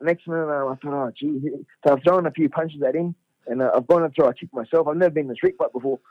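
A middle-aged Australian man, a fighter guest, telling a story in a casual, animated way, laughing and swearing freely. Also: a little high, very fast, no room sound. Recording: dull lo-fi radio sound.

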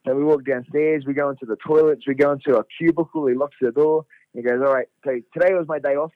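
A middle-aged Australian man, a fighter guest, telling a story in a casual, animated way, laughing and swearing freely. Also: fairly high pitch, fast, no echo. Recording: dull lo-fi radio sound.

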